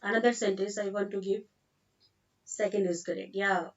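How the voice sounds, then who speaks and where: A woman's voice: medium pitch, fairly even intonation, moderate pace, recorded from a distance, muffled recording. A woman with an Indian English accent teaching an online grammar lesson, explaining patiently and repeating example sentences.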